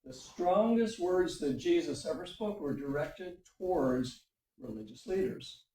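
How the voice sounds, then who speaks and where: Man teaching adult class, mellow tone, roomy church classroom picked up from afar, halting with fillers. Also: on the high side, expressive, slight background noise. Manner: lecturing with frequent fillers and "okay?" checks. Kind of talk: classroom lecture with discussion. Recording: roomy, mic at a distance.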